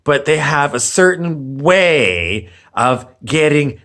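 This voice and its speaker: A man's voice: fairly high pitch, expressive, slow, few pauses, fairly bright tone. A man ranting on camera as a vlogger, sarcastic and meandering, often repeating himself. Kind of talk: rambling opinion rant.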